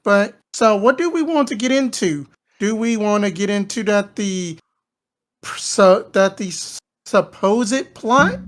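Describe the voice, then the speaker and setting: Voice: medium pitch, unhurried. A co-host steering the chat with rambling, hesitant questions. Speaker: discussion moderator. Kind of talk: casual chat.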